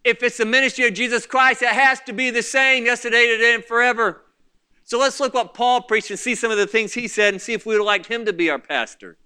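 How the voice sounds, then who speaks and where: A man preaching from the pulpit in a very high, piercingly bright voice. His tone is smooth and clear, and he swings between loud bursts and quiet asides. His delivery is impassioned. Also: brisk. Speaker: pastor. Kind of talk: sermon.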